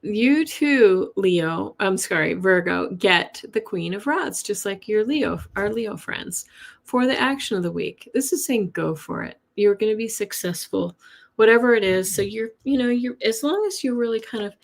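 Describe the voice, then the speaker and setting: This tarot reader does her weekly reading live from home, a cat close by, keeping things chatty and warm with frequent laughter and greetings to viewers by name. She speaks in a mid-range, animated, creaky voice at a moderate pace.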